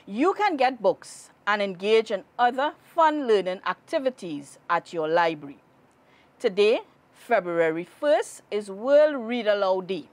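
A woman from Trinidad and Tobago, reading a children's story aloud in a slow, expressive storytelling manner. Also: medium pitch. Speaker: guest reader.

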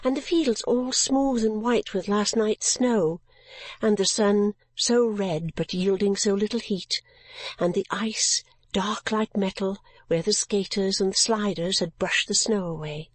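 A woman narrating a classic novel as an audiobook, in a gentle, measured storytelling manner. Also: mid-range voice, dry recording.

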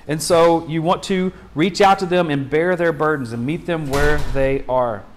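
A man preaching a sermon as pastor, in a conversational style full of rhetorical questions and quick restarts. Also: fairly high pitch.

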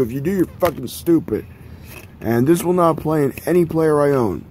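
A man's voice: on the high side, expressive, normal speed, darkish tone, slight background noise. A young man rambling in a casual vlog about his DVD collection, swearing often and mocking himself. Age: young adult. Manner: profane, rambling, self-mocking. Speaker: collector showing DVDs.

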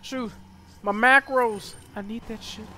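A man doing live gameplay commentary as a streamer, excitable and swearing as he yells at the game. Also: very high-pitched, unhurried, slight background noise. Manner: excitable, cursing and yelling at the game. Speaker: gaming streamer.

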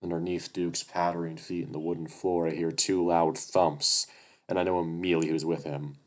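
A man narrating a first-person story aloud in a quiet, steady way. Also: low voice, normal speed.

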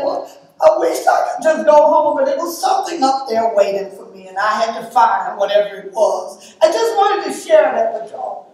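A woman speaking at a memorial service, reading scripture and sharing heartfelt, emphatic memories. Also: sits high. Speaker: eulogy speaker. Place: church or memorial hall. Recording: echoey hall from a distance.

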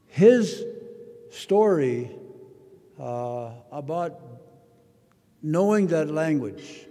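An older man giving a rambling storytelling speech at a conference, halting with many fillers and restarts. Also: on the high side, dark tone. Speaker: conference speaker. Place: conference hall. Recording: long reverb of a large hall.

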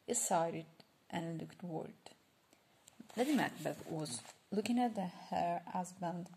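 Slow, gravelly woman reading a story. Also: fairly low pitch, warm tone. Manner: slow, careful reading with small slips. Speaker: reader.

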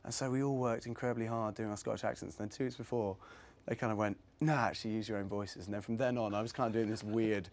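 With a lowish, steady, somewhat dark voice, the young English actor races along with few pauses. He's answering schoolchildren's questions in a room with an audience, chatty and self-mocking, breaking into laughter frequently.

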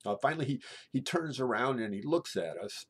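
A middle-aged man telling a true personal story in a halting way, often repeating and restarting his words. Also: medium pitch, animated, breathy edge.

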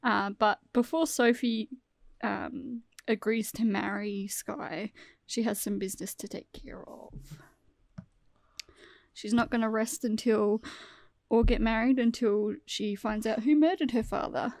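Woman host, gravelly voice, dry close sound, retelling a plot. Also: a little high, steady tone, measured pace, a little mellow, dry recording. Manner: laughing, storyteller. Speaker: podcast host.

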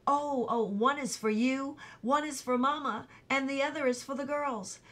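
A woman's voice: sits high, steady tone, moderate pace, a bit bright, voice pushed up. A woman voicing a young boy who speaks in a tearful, choking voice.

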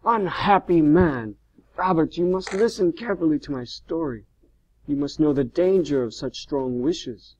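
A man reading as a grieving, gentle scientist. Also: medium pitch, moderate pace, muffled recording, slight background noise, close to an everyday voice. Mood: pleading. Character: grieving haunted male scientist, gentle, weary. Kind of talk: audiobook character reading.

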